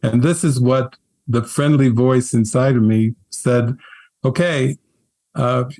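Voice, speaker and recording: A man and spiritual teacher telling his story in an interview, earnest and animated, often laughing. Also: mid-range voice, unhurried.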